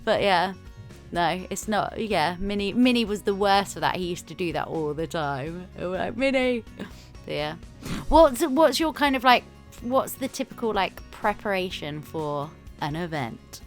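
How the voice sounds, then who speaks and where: A woman's voice: lowish voice, lively intonation, measured pace, soft background music. A woman chatting casually as a YouTuber co-host, laughing often and acting out little quotes. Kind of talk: casual chat.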